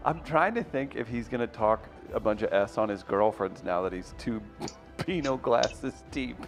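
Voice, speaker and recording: A man's voice: medium pitch, lively intonation, music in the background. A man hosting a radio show, joking and teasing his co-hosts in casual banter. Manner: joking, teasing, quick to mock.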